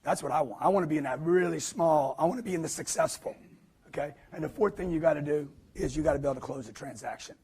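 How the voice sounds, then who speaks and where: Emphatic high-voiced male sales speaker. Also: quick pace, a little mellow, breathy edge. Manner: emphatic, preachy, punchy repetition; acts out quotes in put-on voices. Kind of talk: live motivational talk to an audience.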